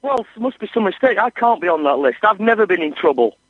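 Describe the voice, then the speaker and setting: Indignant man on a phone line, husky high voice. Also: quick pace, no echo. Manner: indignant, excitable, swears. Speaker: prank call target. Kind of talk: phone conversation.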